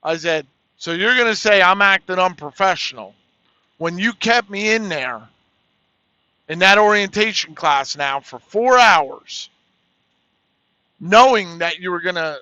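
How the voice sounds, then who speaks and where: A truck driver telling a frank, profane story in casual chat, retelling each exchange as dialogue. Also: male voice, sits high, sharp tone, dry recording. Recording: dry, slightly dull lo-fi audio.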